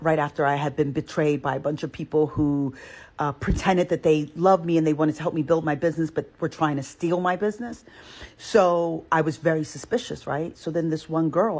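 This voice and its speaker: A woman with a breathy, husky voice tells a spooky personal story straight to her viewers. She is emphatic and expressive and circles back to her points. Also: low-pitched. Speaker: host of a reaction channel. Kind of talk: animated storytime talk to viewers.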